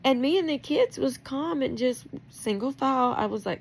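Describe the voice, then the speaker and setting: A woman's voice: sits high, lively intonation, normal speed, gravelly, a little hiss or hum. A middle-aged woman in a rambling, emotional personal monologue, confronting someone directly and laughing through her anger.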